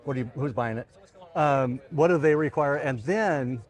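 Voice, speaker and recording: A man being interviewed as a car design director, speaking casually, haltingly repeating words, with joking asides. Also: medium pitch.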